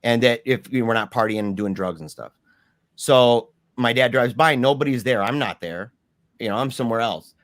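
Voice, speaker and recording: A man's voice: mid-range voice, moderate pace, no echo, studio quality. Man telling a wild story, slangy. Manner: candid and animated, with slangy asides. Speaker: guest telling his story. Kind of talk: casual personal storytelling.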